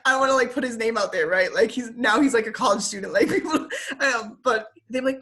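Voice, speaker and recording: Chatty woman telling stories on a call. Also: on the high side. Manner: animated, filler-heavy with frequent "like" and quick laughs. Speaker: interview guest, former teacher. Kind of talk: casual conversational storytelling. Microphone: video call.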